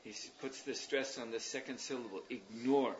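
Over a dull, lo-fi recording with a faint hiss, a man teaching a spiritual class talks at a middle pitch, his tone fairly bright and intonation fairly even. He meanders thoughtfully through his explanations, stopping with um and uh to find the right words.

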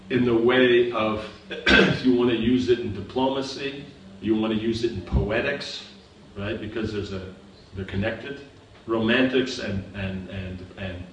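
A spiritual teacher leads a scripture class, his somewhat low male voice explaining patiently and frequently checking that listeners follow. The muffled audio was captured from afar in an echoey room with background noise.

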